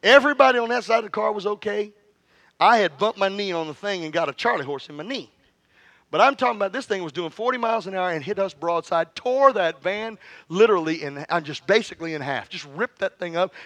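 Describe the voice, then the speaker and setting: A man's voice: sits high, lively intonation, fairly quick, fairly bright tone, dry recording. A middle-aged male pastor preaching a fervent sermon with call-and-response, telling stories and joking with the congregation.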